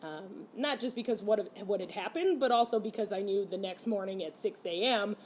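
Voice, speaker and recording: A woman's voice: medium pitch, normal speed, slight background noise. A young French-Canadian woman, a comedian, telling a personal story in a casual way, laughing and acting out her own past lines. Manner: animated, laughing, acts out her own quotes. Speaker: comedian guest.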